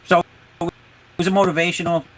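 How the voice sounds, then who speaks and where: A man who creates comics, a guest on a video call, telling his story in a halting way, searching for words. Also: high voice, level tone, a bit bright. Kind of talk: casual interview chat.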